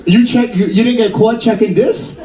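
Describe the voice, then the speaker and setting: A man's voice: high-pitched, moderate pace, far from the mic, slight background noise. Stand-up comic, man, 50s, teasing crowd work, roomy off-mic sound. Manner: animated, jokey, teasing the audience. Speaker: stand-up comedian. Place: cruise ship theater.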